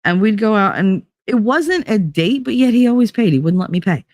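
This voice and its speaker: A woman in her forties telling a casual late-night story on a stream, animated and swearing freely as she acts out quoted voices. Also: medium pitch, brisk, no echo, clean studio sound.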